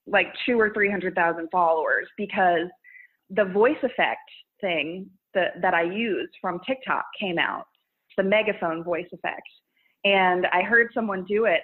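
A woman content creator chatting casually in an interview, rambling with restarts and laughing often. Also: fairly low pitch. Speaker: social media creator. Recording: tinny phone-like line.

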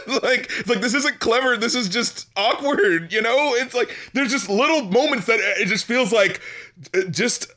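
A man chatting casually on a podcast, animated and laughing often as he picks apart songs. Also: very high-pitched, normal speed. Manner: animated, laughs often, mocks lyrics in silly voices. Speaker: podcast co-host. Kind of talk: casual music review chat.

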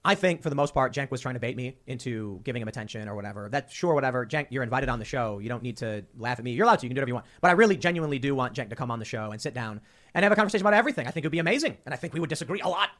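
A man from Chicago hosting a podcast, talking in a rapid, emphatic way and repeating words as he presses his points. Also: medium pitch, expressive, a bit bright. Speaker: podcast host. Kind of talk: casual chat.

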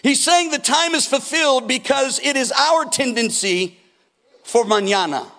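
High-voiced gravelly preacher in a hall. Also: male voice, measured pace, fairly bright tone. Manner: storytelling preacher, acts out quotes with big shifts. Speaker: pastor. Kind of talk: sermon. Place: church hall. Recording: long hall reverb.

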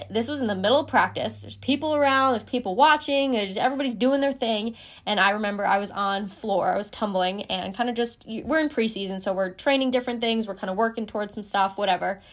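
A woman's voice: mid-range voice, brisk. A woman in her twenties frankly telling a personal story as a podcast host, casual and swearing freely.

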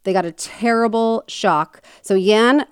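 A woman's voice: medium pitch, a little slow, clear, resonant tone, no room sound. Woman podcast host, chatty true-crime storyteller, filler-heavy and jokey, dry close sound. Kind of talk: casual storytelling chat.

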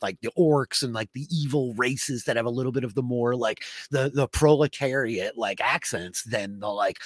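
A young man co-hosting a TV recap podcast, chatting casually with lots of filler words and sudden excited jumps in pitch. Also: breathy edge, no echo, studio quality. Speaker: podcast co-host.

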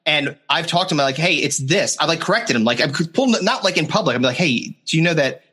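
A man hosting a casual chat, animated and profane, acting out what other people said. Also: a little high, fast, breathy edge. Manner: animated, swears, acts out others' lines.

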